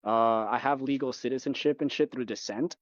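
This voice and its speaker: A man's voice: medium pitch, a little fast, muffled recording. A young man, a guest in casual chat, telling rambling, profane stories full of fillers. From United States.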